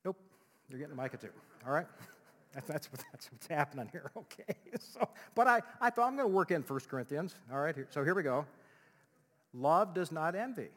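Animated pastor preaching in a reverberant hall. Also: male voice, fairly high pitch, brisk. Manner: animated, swings from loud to hushed, acts out quotes. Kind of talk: sermon. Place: church sanctuary. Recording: long reverb of a church hall.

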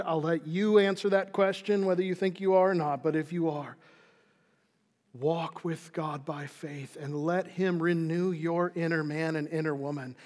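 A fairly high-voiced man preaches a sermon to his congregation. He is earnest, builds to emphatic peaks and falls to soft, quiet endings. His voice rings out with a long hall reverb. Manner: earnest preaching, rising to emphatic, dropping soft for closing lines. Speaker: pastor.

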